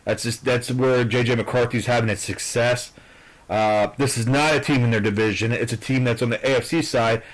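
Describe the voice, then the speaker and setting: In a low-quality recording, a man who vlogs football picks speaks at normal speed in a steady tone and ordinary pitch. His casual predictions are hesitant and full of fillers and restarts, and he talks bluntly with lots of swearing.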